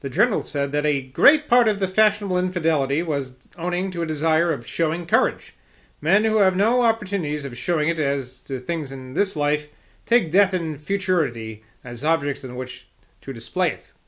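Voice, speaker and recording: A man's voice: a little high, lively intonation, normal speed, fairly bright tone. A man narrating an audiobook of an old memoir, reading plainly with the odd casual aside and slip. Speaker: audiobook reader.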